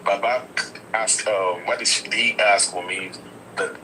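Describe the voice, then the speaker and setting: A man giving measured commentary on the show. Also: lowish voice, fairly even intonation, pushed and bright, a little hiss or hum, rough recording. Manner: measured, explaining the story.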